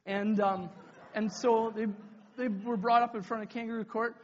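A man telling a camp story in a sermon, animated and acting out voices. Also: sits high, moderate pace. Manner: animated, acts out voices, builds to a hushed close. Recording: dull lo-fi recording.

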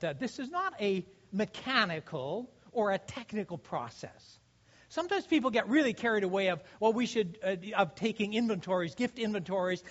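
A man's voice: high voice, a bit bright, dull audio. A man preaching as a pastor, earnest and exhorting, with rhetorical questions and frequent restarts. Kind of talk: sermon.

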